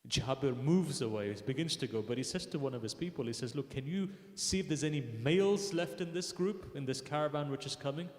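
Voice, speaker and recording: A man's voice: mid-range voice, fairly quick, hardly any pauses, a little mellow. A man telling a mournful religious story in a sermon, voicing the people in it as his intensity rises. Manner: storytelling, voicing quoted figures with rising intensity. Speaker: speaker at a mosque gathering. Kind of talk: emotional sermon narration. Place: mosque hall. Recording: echoey hall with long reverb.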